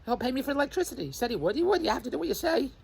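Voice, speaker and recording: A man in a rambling, animated vlog monologue who keeps imitating other people's voices as he tells his stories. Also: extremely high pitch, very fast, creaky, breathy edge, low-quality recording. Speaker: vlogger. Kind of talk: rambling self-recorded monologue.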